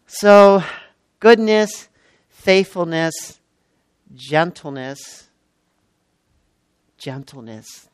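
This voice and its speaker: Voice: medium pitch, animated, drawn-out words, long pauses, smooth, dry recording. Emphatic preacher in their sixties. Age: 60s. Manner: emphatic, repeats key words, exclaims. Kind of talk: sermon.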